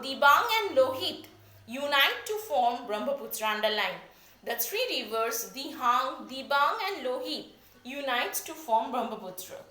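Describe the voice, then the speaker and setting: Brief: high, lively Indian woman teacher, dictating a lecture in an echoey room. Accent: Indian English. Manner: repeats key points slowly, spells words out. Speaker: geography teacher. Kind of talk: classroom lecture.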